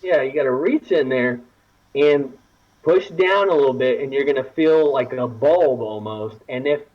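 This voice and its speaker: Husky Texan man telling a raunchy story. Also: medium pitch, normal speed, highs cut off. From Texas. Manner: laughing often, acting out quoted voices. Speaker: podcast guest. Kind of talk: casual storytelling.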